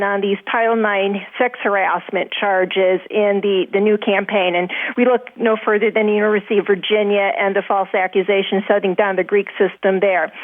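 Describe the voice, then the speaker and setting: A woman writer calling in to a radio show, making her argument in a pointed, articulate way. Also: mid-range voice. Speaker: guest writer on a phone call. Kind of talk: radio call-in interview. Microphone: telephone. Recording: tinny phone line.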